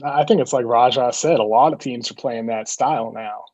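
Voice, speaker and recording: A man's voice: mid-range voice, moderate pace, a little mellow. A basketball reporter, a man who repeats words as he starts his points, talking casually. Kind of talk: casual sports talk. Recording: dull lo-fi remote audio.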